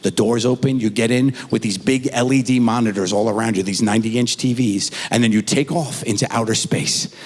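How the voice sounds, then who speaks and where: A middle-aged man performing a stand-up comedy routine, telling a story with animated delivery and acted-out voices. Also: medium pitch, brisk, hardly any pauses, big-room sound.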